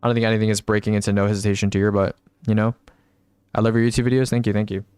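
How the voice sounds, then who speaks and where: Smooth-voiced young man rambling through a tier list. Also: fairly low pitch, flat delivery, rapid-fire, darkish tone, no echo. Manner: rambling, thinks aloud, reads chat replies. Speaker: streamer. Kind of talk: casual live-stream gaming commentary.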